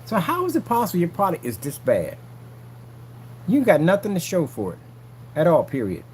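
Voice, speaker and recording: A man's voice: high-pitched, huge pitch swings, moderate pace, a little mellow, a little hiss or hum. A man vlogging casually from a work site, taunting a rival in a boastful, repetitive way. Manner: taunting, boastful, repeats himself. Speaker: vlogger selling projection screen paint.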